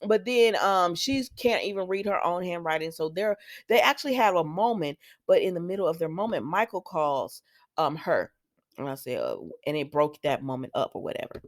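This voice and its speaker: A woman's voice: fairly low pitch, animated, normal speed, no echo, clean studio sound. A woman recapping a soap opera episode in casual, rambling talk, often stopping to talk back to the characters. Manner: chatty, digressive, talks back to the characters.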